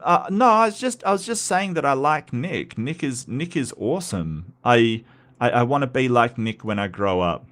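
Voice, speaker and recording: An Australian man hosting a live stream, talking loosely and answering his chat. He rambles, stumbling over his words and restarting his sentences often. His pitch sits in an ordinary middle range. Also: animated, normal speed, fairly bright tone. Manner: rambling, many stutters and restarts. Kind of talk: casual live commentary reading chat.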